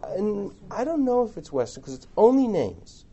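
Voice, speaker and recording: A man teaches a scripture lesson, reading each verse aloud and then translating it line by line. His voice is warm and mellow and swings lively up and down in pitch. The recording sounds dull and muffled. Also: moderate pace, slightly rough. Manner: chatty asides and rhetorical questions. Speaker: Torah teacher. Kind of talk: lecture on a biblical text.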